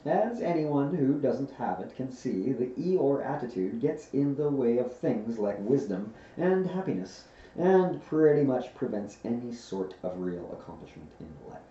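A man reading a book aloud with an expressive storytelling manner, recorded on a headset mic. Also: medium pitch, a little slow. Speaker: reader. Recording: roomy, distant, dull lo-fi headset recording.

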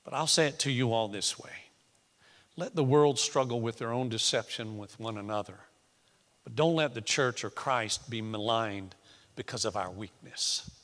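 Bright-voiced male preacher in echoey hall. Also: mid-range voice, moderate pace. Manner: emphatic preaching that swings from hushed to shouted. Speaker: pastor. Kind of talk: sermon.

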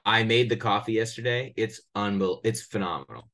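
A man co-hosting a casual podcast from his bedroom at home, delivering a joking sales pitch full of stammers and restarts. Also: fairly quick, sharp tone. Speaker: podcast co-host.

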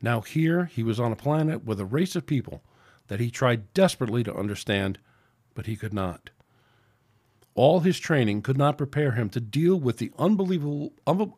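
A man reads his own story aloud as podcast host, in an ordinary middle voice. His delivery is steady and plain, with small slips. The sound is dry and close. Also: medium pitch, dry recording. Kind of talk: reading fiction aloud.

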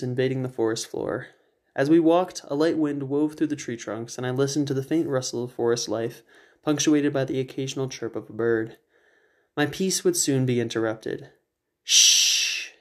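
A man reading his own comedy short story aloud in a measured storytelling manner. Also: mid-range voice, darkish tone. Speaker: reader, author.

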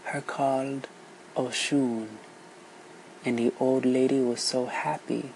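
A storyteller reading a folk tale aloud, unhurried and lilting, switching voices for each character. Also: medium pitch, level tone, gravelly, darkish tone, slight background noise, poor audio.

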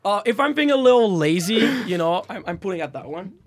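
A man's voice: sits high, fast, no room sound. A young man from France with a French accent, chatting playfully as a podcast co-host. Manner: animated, playful, many "like" and "you know" fillers. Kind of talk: casual chat.

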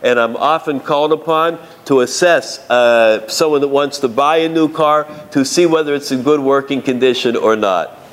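A man of middle pitch tells a story from his own work as an arbiter. He talks in a lively way, restarts sentences, and adds asides for his listeners. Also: normal speed, a little hiss or hum. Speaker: rabbi and arbiter. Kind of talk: storytelling talk to an audience.

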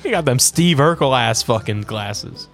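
A young man co-hosting a casual podcast chat, teasing his friend with profane, quick comebacks. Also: medium pitch, expressive, a bit bright, soft background music. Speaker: podcast co-host.

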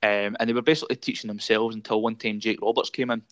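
A man's voice: on the low side, flat delivery, quick pace, a crowd in the background. A Scottish man hosting a casual chat, rambling with many fillers and frequent laughs. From Scotland. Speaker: podcast host.

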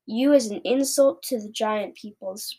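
A greedy, man-eating male giant from a storybook, loud and bullying in every word, as a woman reading aloud puts him on. The voice sits fairly high and sneers at whoever he is talking to. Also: unhurried, breathy edge.

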